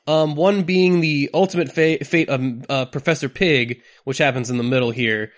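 A man's voice: a little high, fairly even intonation, normal speed. A man hosting a casual podcast, talking in a chatty way with laughing asides. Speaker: podcast host.

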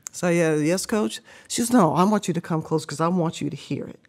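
A middle-aged woman, a podcast guest, telling an animated story, laughing often and acting out the voices of people she quotes. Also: deep voice, fairly quick, husky.

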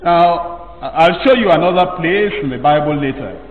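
A male pastor preaching a sermon slowly and emphatically, drawing out his phrases. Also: on the high side, lively intonation. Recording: echoey hall from far off, dull.

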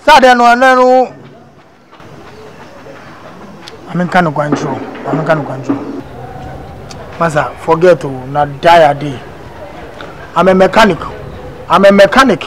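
A man's voice: a little high, lively intonation, normal speed, long pauses, noisy background, natural voice. A man voicing a boastful young man who keeps lying about his studies, with a Ghanaian accent, in a comic cartoon dub. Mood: evasive. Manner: evasive, boastful, pleading.

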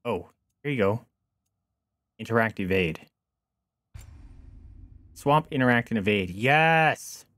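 A man streaming a video game, reacting loudly and excitedly to a fight as he plays. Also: medium pitch, takes it slowly, pauses often, no room sound. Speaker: gaming streamer. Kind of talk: let's-play commentary. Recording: game music underneath.

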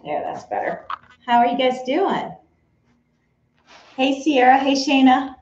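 A woman's voice: sits high, animated, slow, a little mellow, a little hiss or hum. A woman hosting a live sewing stream from her home studio, chatting casually and greeting viewers by name. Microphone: camera mic in the room. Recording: roomy, slightly dull sound.

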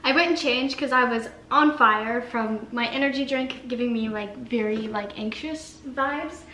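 A woman's voice: fairly high pitch, unhurried, bright, forceful tone, echoey room, slight background noise, poor audio. A young woman rambling chattily through a cooking vlog, mocking herself as she goes. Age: young adult. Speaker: vlogger.

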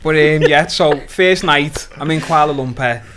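Young Liverpool lad, podcast guest, chatty storyteller, slangy and animated. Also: male voice, fairly high pitch, normal speed. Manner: animated, laughing, swears freely, slangy. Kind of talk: casual storytelling chat.

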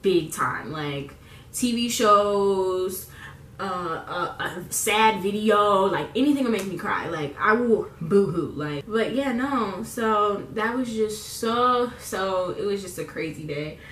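A woman's voice: medium pitch, animated, takes it slowly, fairly bright tone, reverberant, far from the mic, a little hiss or hum. A young woman chatting in a rambling, casual way full of fillers while getting ready on camera. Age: young adult. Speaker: beauty vlogger. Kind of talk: casual get-ready-with-me chat.

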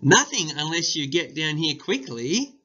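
A man, a teacher, reading out a hurried mother's line in a dictation passage for a children's story. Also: on the high side, sing-song, pushed and bright, lo-fi sound, exaggerated voice. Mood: urgent. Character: hurried busy mother calling upstairs.

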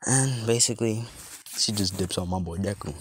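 Man, deep voice, casual storyteller, loose and rambling, lots of fillers. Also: normal speed, a little hiss or hum. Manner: rambling, many fillers and restarts. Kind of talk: casual fan-story retelling.

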